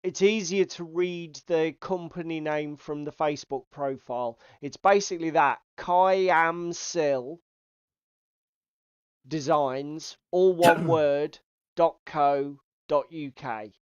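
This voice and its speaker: Slow, easygoing man for a casual chat podcast, smooth and clear, dry sound. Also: a little high, no room sound. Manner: chatty, swearing, reads out chat comments. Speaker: podcast co-host. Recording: dull, slightly lo-fi sound.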